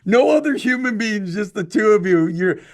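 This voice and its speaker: A man co-hosting a podcast, teasing and quick to laugh in casual chat. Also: high-pitched, lively intonation. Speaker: podcast co-host.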